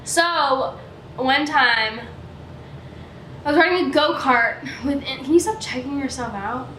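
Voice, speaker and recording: A woman's voice: sits high, takes it slowly, sharp tone. A young woman hosting a casual family chat vlog, giggly, playful and teasing. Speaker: vlog host. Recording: echoey room with background noise.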